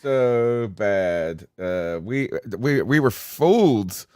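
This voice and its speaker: A man hosting a sports podcast call-in show, talking in a frustrated, rambling way and trailing off quietly at times. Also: medium pitch, lively intonation, very slow, clear, resonant tone, dry recording, studio quality. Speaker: podcast host taking calls. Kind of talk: casual postgame call-in talk.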